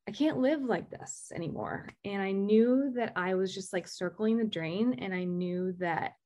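A woman telling a candid personal story, halting and restarting often with fillers. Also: medium pitch, darkish tone. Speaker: guest sharing recovery story.

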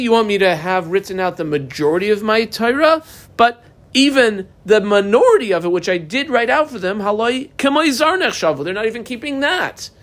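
A religious text teacher with a slightly high voice reads a passage aloud, then explains it phrase by phrase. His lesson is conversational, with pauses and rhetorical questions.

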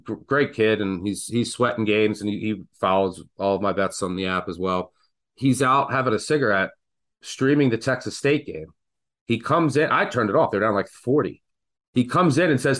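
A man co-hosting a sports betting podcast, telling stories in a lively, joking way. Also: on the low side, moderate pace. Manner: animated, joking storyteller. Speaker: podcast co-host. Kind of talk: casual sports betting chat.

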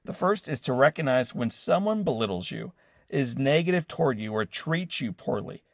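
A man's voice: mid-range voice, big pitch swings, moderate pace, creaky, no room sound, studio quality. A man in his forties hosting an inspirational podcast, telling a personal story in an earnest tone and speaking straight to his listeners. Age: 40s. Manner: earnest storytelling, warm direct address to listeners. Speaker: host of a motivational podcast. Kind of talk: scripted inspirational monologue.

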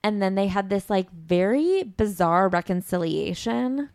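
Woman co-host, lowish gravelly voice, casual book chat, dry close sound. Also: expressive, unhurried, darkish tone, no echo. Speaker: podcast co-host.

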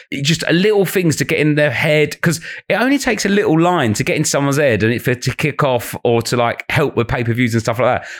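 Man, London accent, stand-up comedian, rapid delivery, animated storyteller, jumps into high voices for quoted heckles. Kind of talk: casual podcast chat.

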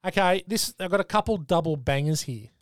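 A man hosts a casual film podcast in a fairly high voice. He talks bluntly and swears freely. The sound is dry and close. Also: animated, brisk, dry recording. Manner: blunt, sweary, leads the segments. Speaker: podcast host.

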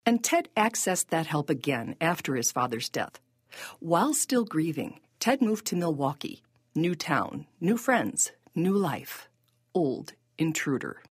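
A woman with a low, husky voice reads scripted podcast narration in a measured, reflective way. Her pitch moves expressively, and the sound is close and dry. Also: sing-song, no room sound.

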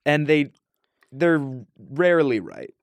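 A man's voice: fairly high pitch, wildly swooping pitch, slow, creaky, no echo. A man from Ohio as a podcast guest in a studio, rambling and hesitant with many fillers. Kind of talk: casual podcast chat.

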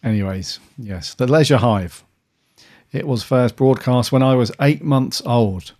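A man's voice: medium pitch, a little slow, a little mellow. A man in his late thirties hosting a podcast, chatting in a casual, meandering way with many fillers. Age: late 30s. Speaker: podcast host.

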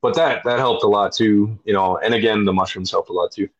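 A man's voice: lowish voice, fairly even intonation, fairly quick. A man in his thirties, a veteran guest telling his story in a blunt, profane, casual way, with lots of fillers. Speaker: podcast guest, military veteran. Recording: dull lo-fi audio.

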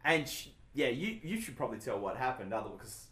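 A man's voice: mid-range voice, big pitch swings, a little fast, pushed and bright. Rambling Australian man in an echoey room. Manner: rambling, self-deprecating storytelling. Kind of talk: casual chat.

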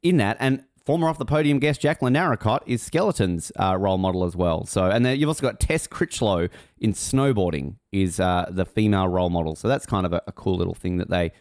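A man's voice: low voice, fast, darkish tone, dry recording, studio quality. A man co-hosting a sports podcast, joking and rambling with lots of fillers. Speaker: podcast co-host. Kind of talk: casual podcast chat.

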